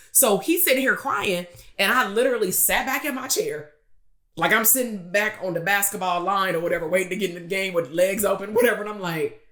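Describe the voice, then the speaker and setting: In a motivational live stream, a woman working as a business coach shares a blunt, streetwise story, driving each point home with rhetorical questions. She has a bright, forceful, mid-range voice.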